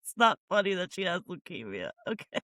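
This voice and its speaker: Rambling podcast co-host with lively pitch. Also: fairly quick, dry recording, clean studio sound. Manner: rambling, hesitant plot recap with fillers and laughs. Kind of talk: casual comedic film review chat.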